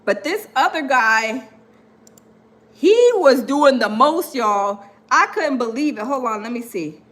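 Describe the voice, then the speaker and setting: Here the gossip YouTuber talks slowly in a high, fairly bright voice with lively intonation. She keeps up a chatty, meandering flow packed with fillers and hold-ons while searching for clips on her casual livestream.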